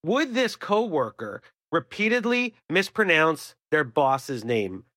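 A man's voice: on the high side, sing-song, slow pace, bright, forceful tone, dry recording, clean studio sound. A man co-hosting a radio show, giving advice in an earnest, emphatic, opinionated way. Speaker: radio co-host.

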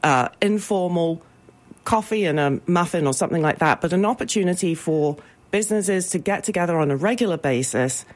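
Lowish-voiced woman chatting about local events, upbeat and filler-heavy. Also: lively intonation, brisk. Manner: chatty, many ums, upbeat promotional. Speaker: business improvement association representative. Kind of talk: radio interview guest.

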